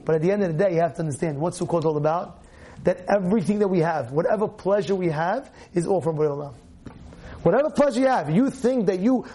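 A fast-talking rabbi whose voice sits high leads a Torah class with animated energy. He peppers it with rhetorical questions and repeats phrases for emphasis.

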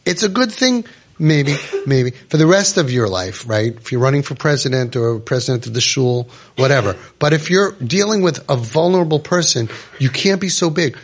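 A man leading a parent support group, speaking to a live audience in a room in a lively way with lots of fillers and acted-out quotes. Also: mid-range voice, normal speed. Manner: animated, acts out quoted voices, many fillers.

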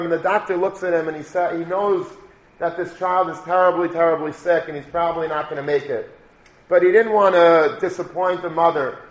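A man's voice: a little high, steady tone, a little fast. A man giving a storytelling sermon, repeating his phrases and building to emphatic declarations. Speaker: religious speaker. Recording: echoey room.

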